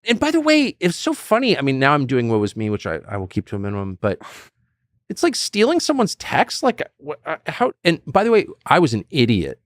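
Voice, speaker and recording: A man's voice: fairly high pitch, huge pitch swings, a little fast, dry recording, clean studio sound. A middle-aged man, a political commentator, talking bluntly and emphatically in a podcast conversation, acting out the voices he quotes. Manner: blunt, swears.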